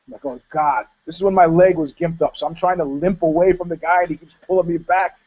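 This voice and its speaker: A man telling a profane, animated story in a casual chat, laughing along as he goes. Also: fairly high pitch, fast talker. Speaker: co-host. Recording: dull lo-fi sound.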